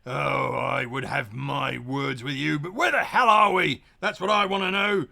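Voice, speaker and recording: A man voicing a quick-tempered pirate ship captain who shouts and curses at his drunken crew. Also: medium pitch, little pitch movement, gravelly, voice pushed down, exaggerated voice. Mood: furious. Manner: blustery, shouting and cursing at the crew.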